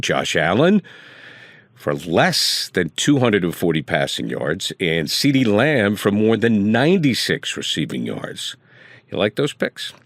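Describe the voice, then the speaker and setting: Deep-voiced man reading an ad. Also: dry recording. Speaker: ad reader. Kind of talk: scripted ad read.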